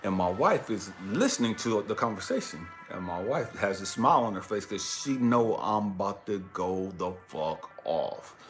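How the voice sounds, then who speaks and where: A man working as a life coach, telling a story as a profane, emphatic rant that builds to shouting. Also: on the low side, sing-song, moderate pace, hardly any pauses, soft background music.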